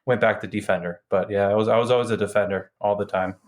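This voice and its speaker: A man's voice: lowish voice, fast. A man, a podcast guest with a slight Boston accent, telling stories in a casual chat and swearing freely. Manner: swears freely, animated storytelling.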